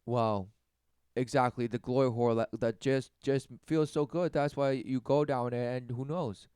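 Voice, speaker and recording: A man delivering a mocking sermon rant, often mimicking others in high, sarcastic voices. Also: fairly even intonation, normal speed, a little mellow, clean tone, no echo, studio quality. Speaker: preacher.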